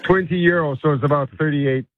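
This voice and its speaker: A man's voice: a little high, fast, phone-quality sound, a crowd in the background. A man calling in to a radio show, amused and incredulous. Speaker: caller.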